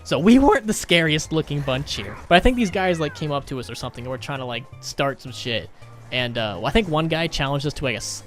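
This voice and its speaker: A man's voice: a little high, a bit bright. A young man, a gaming YouTuber, rambling through a funny self-mocking story over gameplay.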